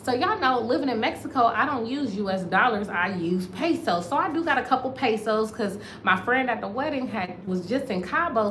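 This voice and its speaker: An American woman vlogging, telling a story to her viewers in a casual, animated way and calling them y'all. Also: on the high side, a little fast, hardly any pauses, a little hiss or hum. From United States. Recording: roomy echo, faint ambience.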